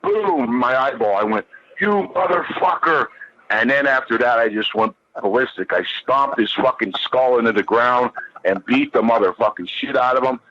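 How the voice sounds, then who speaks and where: A man's voice: mid-range voice, moderate pace, fairly bright tone, no echo, dull audio. A man who is a guest on a podcast, telling a rambling, heated, profane story and repeating himself as he goes.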